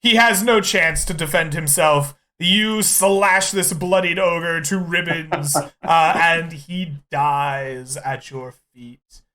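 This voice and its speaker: A man's voice: on the high side, bright, forceful tone. A man running a tabletop game as game master, narrating the action with frequent laughs. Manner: unhurried, laughs often.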